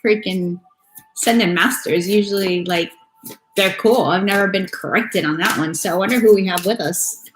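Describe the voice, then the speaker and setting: A woman's voice: medium pitch, moderate pace. Chatty woman doing a tarot live stream. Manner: chatty, loose and swearing, greets viewers by name. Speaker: tarot reader. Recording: echoey room with faint noise.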